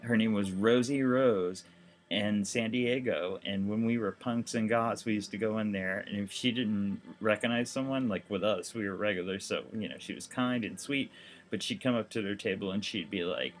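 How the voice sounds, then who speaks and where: A man's voice: lowish voice, normal speed. A seriously ill man talking casually to the camera, rambling and heartfelt with lots of fillers. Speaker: documentary vlogger.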